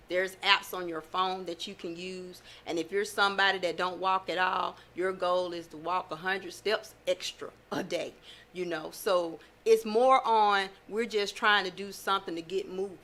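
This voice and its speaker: A woman's voice: on the low side, a bit bright. Chatty woman, laughing often. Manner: chatty, down-to-earth, laughs often, many fillers. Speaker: host. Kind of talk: casual chat to followers.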